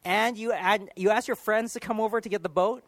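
A man preaching a sermon in an earnest, animated way, sometimes dropping to a hushed near-whisper. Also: sits high, brisk, dry recording.

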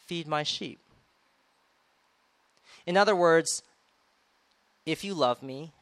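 A man's voice: fairly high pitch, a bit bright, no room sound. Conversational male preacher, dry sound. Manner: conversational, acts out quoted lines with rising emphasis. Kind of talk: sermon.

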